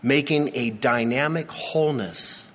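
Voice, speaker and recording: A middle-aged male pastor preaching to his congregation, repeating key words and letting dramatic pauses hang. His voice rings out in the long reverb of a big church hall, with a faint room hum underneath. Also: medium pitch, fairly bright tone. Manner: earnest preaching with dramatic slow pauses and repetition. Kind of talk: sermon. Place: church sanctuary.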